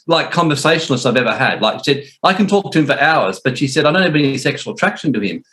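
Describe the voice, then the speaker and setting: An animated Australian man in middle age, chatting casually as a host. His voice sits a little high for a man, and it leaps even higher whenever he slips into someone else's words mid-story. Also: rapid-fire, few pauses. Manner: animated storyteller, voices swinging up when quoting others. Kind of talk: casual chat.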